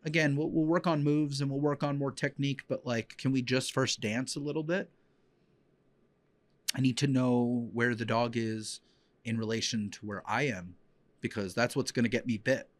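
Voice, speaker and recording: A man's voice: mid-range voice, normal speed, no echo. A man in the middle of his range tells stories as a dog-training podcast host. He talks in a heartfelt, rambling way, full of fillers and restarts. His voice is dry and close. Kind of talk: emotional personal storytelling.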